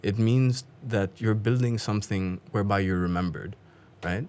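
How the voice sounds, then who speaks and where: A man who is a podcast guest, telling a story in an animated, casual way and acting out the people in it. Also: lowish voice, moderate pace, smooth. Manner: animated storyteller, acts out voices.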